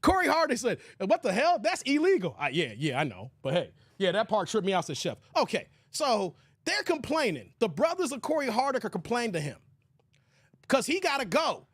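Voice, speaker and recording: A man hosting a live stream in a casual commentary style, reading out viewer chat and reacting loudly. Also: sits high, brisk, husky, no echo, clean studio sound. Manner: animated, exclamatory, reads viewer chat aloud.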